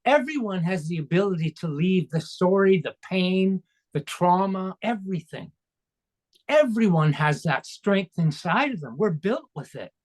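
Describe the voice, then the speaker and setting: A man's voice: high voice, expressive, measured pace. A man in his sixties from Canada, a coach and speaker, talking as an interview guest in an emphatic, fervent motivational way. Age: 60s. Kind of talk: interview conversation.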